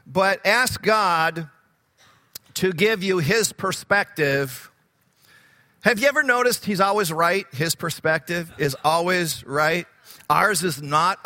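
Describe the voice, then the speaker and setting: Earnest high-voiced male preacher. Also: sharp tone, big-room sound. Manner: earnest, rising to fervent emphasis when quoting scripture; repeats words for emphasis. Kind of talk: sermon.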